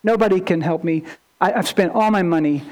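A man voicing a desperate woman confessing in a rushed, stammering way during a sermon. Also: high voice, darkish tone, voice pushed down, natural voice.

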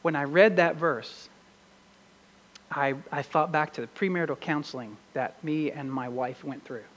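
Male pastor, high-pitched, emphatic sermon delivery, church sanctuary echo. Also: normal speed, a bit bright. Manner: earnest, preaching with emphatic swells. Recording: long hall reverb.

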